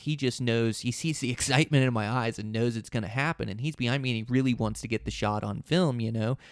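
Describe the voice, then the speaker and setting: A man hosting a solo podcast, telling a long story in a relaxed, rambling way that often restarts mid-sentence. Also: medium pitch, no room sound, studio quality. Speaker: podcast host.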